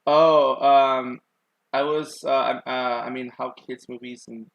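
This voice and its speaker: A man's voice: medium pitch, fairly even intonation, unhurried, creaky, dry recording, dull audio. A young man streaming himself sketching, rambling in casual chat with his viewers and filling gaps with lots of ums and likes. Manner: rambling, many fillers, chatting to viewers. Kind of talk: casual chat while drawing.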